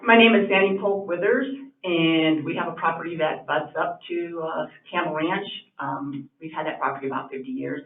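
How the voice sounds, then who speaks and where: A woman's voice: sits low, moderate pace, slight background noise. A woman speaking as a neighboring landowner at a town meeting, firm and argumentative, with frequent fillers. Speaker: neighboring landowner at public comment. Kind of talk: public meeting comment. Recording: echoey, distant, tinny phone-like sound.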